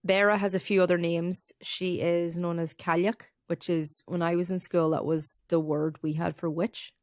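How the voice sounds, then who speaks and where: The voice is a young Irish woman's, low-pitched and close, in a dry, dead room. She chats casually through old folklore, with quick asides and the odd swear word. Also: little pitch movement, no room sound. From Ireland. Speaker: podcast co-host. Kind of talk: casual chat, retelling folklore.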